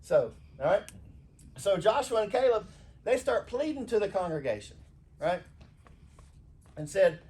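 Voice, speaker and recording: A man's voice: sits high, measured pace, pauses often. A man, preaching an informal, conversational sermon in church and acting out the people he quotes. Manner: animated, conversational, acts out quoted voices. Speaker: pastor. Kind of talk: informal sermon to a small congregation.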